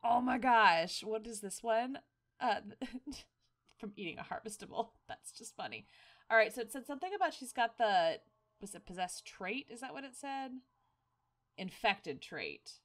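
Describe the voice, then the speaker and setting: A woman narrating her game playthrough in a casual, chatty way. Her pitch bounces around in an animated, expressive sweep. She reacts excitably, with gasps and laughter. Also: measured pace. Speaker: gaming video host. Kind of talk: casual let's-play commentary.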